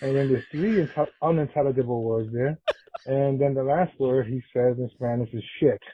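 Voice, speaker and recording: A man's voice: medium pitch, fairly even intonation, moderate pace, breathy edge, highs cut off. A man leaving a laid-back, amused voicemail, hesitating as he reads something out. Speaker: caller. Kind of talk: voicemail message.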